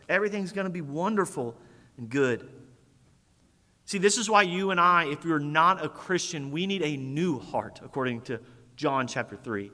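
A male pastor preaching a sermon in a casual, energetic way, full of slang. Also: fairly high pitch. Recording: echoey hall.

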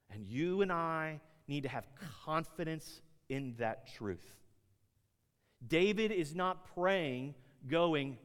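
A man preaching a sermon in a conversational way, climbing loud to stress points and dropping low and quiet to press them home. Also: animated, measured pace. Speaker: pastor. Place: large room with an audience. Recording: long hall reverb.

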